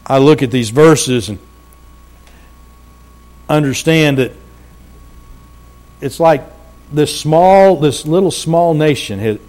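A man preaching a sermon, slowing down for emphasis and dropping his voice low at the ends of phrases. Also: a little mellow.

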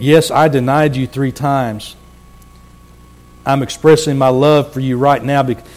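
A man preaching a sermon as pastor, earnest and slowing down to stress words. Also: medium pitch. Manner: earnest, slows down for emphasis.

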